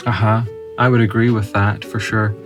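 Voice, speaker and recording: A man from Northern Ireland with a Northern Irish accent, hosting a relaxed podcast chat and asking his guest questions. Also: lowish voice, normal speed, faint music behind. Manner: chatty, agreeable, asks questions. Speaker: podcast host. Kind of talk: casual conversation.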